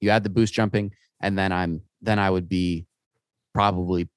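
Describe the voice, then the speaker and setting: A man's voice: sits low, steady tone, normal speed, smooth, no echo. A man co-hosting a podcast, chatting casually about games in a rambling, stop-start way full of restarts and fillers. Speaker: podcast co-host. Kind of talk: casual gaming chat.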